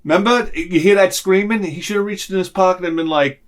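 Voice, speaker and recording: Animated ranting middle-aged man. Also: high-pitched, fairly quick. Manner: animated ranting, acts out lines in voices. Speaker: vlogger. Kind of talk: casual comedic monologue.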